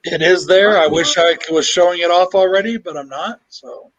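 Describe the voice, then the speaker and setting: A man's voice: high voice, moderate pace, a bit bright, dull audio. A man chatting on a livestream video call, swearing freely as he rants about his week. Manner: profane, ranting. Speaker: livestream panelist. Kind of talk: casual group chat.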